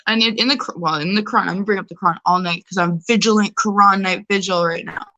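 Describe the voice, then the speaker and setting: A woman from New York City chatting casually as a caller, rambling and animated. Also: medium pitch, fast talker, highs cut off. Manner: rambling, animated, acts out other people's voices. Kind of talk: casual chat.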